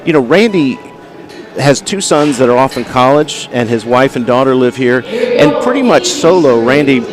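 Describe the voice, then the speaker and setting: A man's voice: mid-range voice, big pitch swings, moderate pace, music in the background. A man with a Southern US accent giving folksy, rambling live commentary at an outdoor bucking bull event. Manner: folksy, rambling, lots of fillers. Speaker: livestream commentator.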